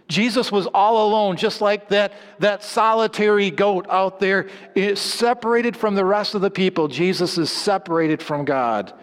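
A man delivers a sermon in a slightly high voice, pressing hard on key lines and then sinking to low, hushed endings. His voice rings out with a long hall reverb, as in a church sanctuary. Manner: dramatic swings between loud emphatic lines and low hushed endings. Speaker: preacher.

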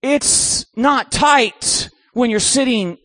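A middle-aged man preaching a sermon, telling a comic story with animated delivery. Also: very high voice, drawn-out words, no echo, clean studio sound.

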